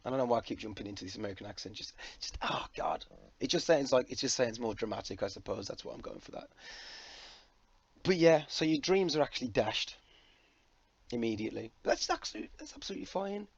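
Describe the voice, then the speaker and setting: A man rambling to camera, jokey and loose, cursing freely between thoughts. His voice sits at an ordinary middle pitch. The recording sounds slightly dull and lo-fi. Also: a little fast, creaky, slight background noise. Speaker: vlogger. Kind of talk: casual rambling monologue.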